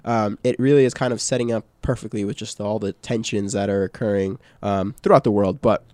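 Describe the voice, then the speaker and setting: A man's voice: lowish voice, fairly even intonation, brisk, a little mellow, no echo. A man co-hosting a casual podcast chat, talking loosely with many fillers, restarts and tag questions. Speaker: podcast co-host.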